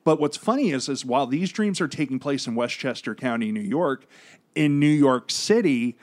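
A man's voice: mid-range voice, expressive, normal speed, darkish tone. A man co-hosting a podcast, explaining comic book plots at length in a casual, joking way. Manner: explanatory, jokey, long rambling recaps. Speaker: podcast co-host.

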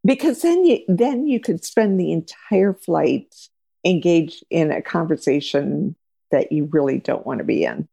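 A woman's voice: deep voice, a little slow, creaky, mellow. A woman chatting casually as a co-host, blunt and opinionated, calling herself a little grumpy. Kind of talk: casual chat.

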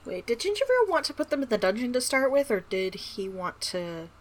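A woman with a fairly high voice co-hosting a casual podcast. She talks bluntly and swears freely. She lays out plans and corrects small details with quick asides. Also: very animated. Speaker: podcast co-host.

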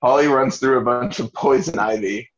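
A man's voice: mid-range voice, moderate pace, dull audio. A man casually recapping a TV episode in a podcast, swearing freely and acting out quotes. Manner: relaxed, profane, acts out quotes in bursts. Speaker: podcast host. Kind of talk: casual chat recapping a TV show.

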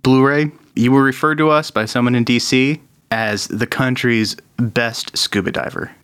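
A man's voice: medium pitch, steady tone, normal speed, a bit bright, smooth, dry recording, natural voice. A man voicing a serious, all-business woman FBI agent. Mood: businesslike.

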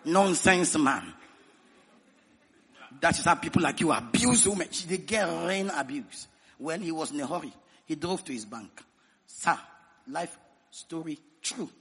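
A man with a Nigerian accent preaching a sermon as pastor, who tells stories and leads the church in shouted prayer. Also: a little high, normal speed. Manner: storytelling sermon building into shouted prayer and tongues.

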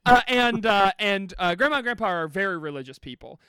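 High bright-voiced guy on a comedy podcast, loose and playful, laughs constantly, dry close sound. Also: lively intonation, moderate pace, smooth, no echo. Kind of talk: comic storytelling and banter.

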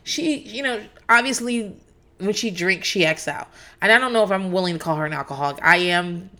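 A woman's voice: medium pitch, lively intonation, a little fast, pushed and bright. A woman in her thirties or forties recapping reality TV in a candid, profane, rambling way, with frequent fillers. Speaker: podcast host.

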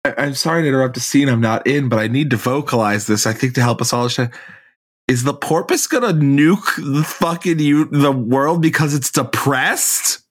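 A man at mid pitch interjects during a tabletop game. He talks quickly and sounds apologetic. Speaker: player. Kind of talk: casual tabletop game play.

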